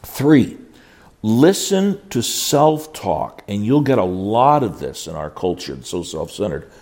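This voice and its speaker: An older man teaching a class on biblical counseling, folksy and emphatic, with frequent restarts. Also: a little slow. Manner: folksy, emphatic, with animated swoops in pitch and many restarts. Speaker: Bible teacher.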